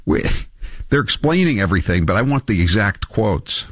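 Blunt talk radio host, dry sound. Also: male voice, sits low, animated, normal speed, vocal fry, breathy edge, dry recording. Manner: blunt, combative, mocking.

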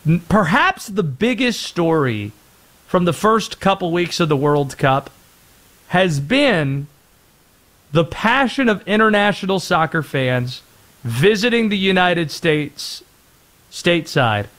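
Animated sports radio host, higher voice. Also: male voice, slow. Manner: animated, puts on silly voices.

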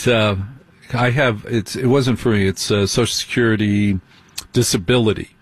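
A man's voice: on the low side, breathy edge, no echo. A middle-aged man hosting a late-night radio talk show, speaking in a conversational way, repeating phrases for emphasis and putting questions to his listeners. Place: radio studio. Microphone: studio microphone.

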